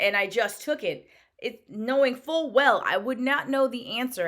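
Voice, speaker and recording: A woman in her thirties tells her own story straight to camera, open and emotional. Her voice sits somewhat low yet rings bright and clear. She often stumbles and restarts mid-sentence. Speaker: vlogger recounting her bar exam.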